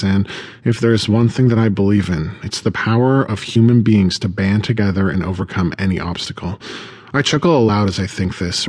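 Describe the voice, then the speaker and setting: A man reading first-person audiobook narration in a steady, measured way. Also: lowish voice, husky.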